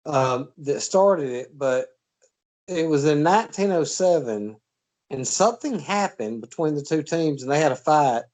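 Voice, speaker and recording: A man's voice: fairly high pitch, darkish tone. A man hosting a casual football chat, telling long stories full of fillers and restarts. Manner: rambling storyteller with many fillers. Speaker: podcast host.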